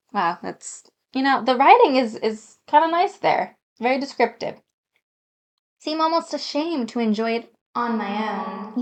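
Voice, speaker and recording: A woman reading a dating game aloud and commenting in a chatty, self-deprecating, giggly way. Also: a little high. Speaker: gaming YouTuber.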